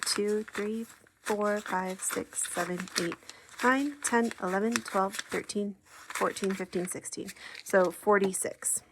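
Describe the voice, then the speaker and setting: Background noise accompanies this woman's creaky, mid-range voice. She made a savings challenge, and she chats in a friendly, upbeat way while counting her cash aloud.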